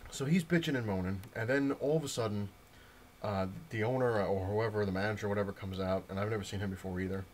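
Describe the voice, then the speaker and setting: A man's voice: lowish voice, fast, a little mellow, a little hiss or hum. A man casually rambling to camera about a comic shop visit and his new comics, with lots of fillers and restarts. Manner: rambling, loose storytelling with many fillers and restarts. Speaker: comic book collector showing his purchases. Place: at home, indoors.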